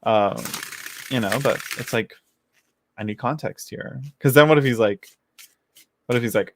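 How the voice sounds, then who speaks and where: A man's voice: medium pitch, moderate pace, long pauses, slight background noise. Giggly, chatty man reading tarot live. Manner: chatty, giggly, trails off and restarts. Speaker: tarot reader answering viewers. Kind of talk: casual live-stream chat.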